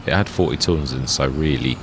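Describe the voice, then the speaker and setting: A man's voice: very deep voice, fairly quick, background noise. A man giving rambling, chatty gameplay commentary as a let's play host, often correcting himself.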